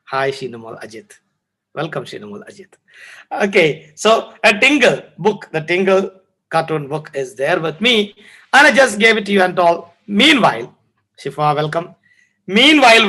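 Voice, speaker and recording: Casting: a male teacher, high-pitched, storytelling live. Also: poor audio. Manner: lively storytelling, acting out scenes and greeting viewers. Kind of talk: live online lesson.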